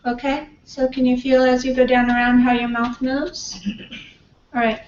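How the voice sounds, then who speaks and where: A woman professor teaching pronunciation to a class, modelling sounds slowly and patiently. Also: sits high, flat delivery, a little mellow, slight background noise. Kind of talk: classroom lecture. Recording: far-off, echoey, dull classroom recording.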